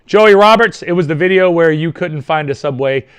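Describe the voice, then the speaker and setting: A young man chatting casually in a vlog, reading out viewer comments in a rambling, profane, animated way. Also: a little high, moderate pace, smooth, dry recording. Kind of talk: casual chat.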